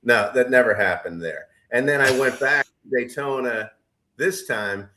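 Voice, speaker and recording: A man's voice: mid-range voice, unhurried, bright, forceful tone, slight background noise. A man co-hosting a casual podcast chat, rambling with many fillers and restarts. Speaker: podcast co-host.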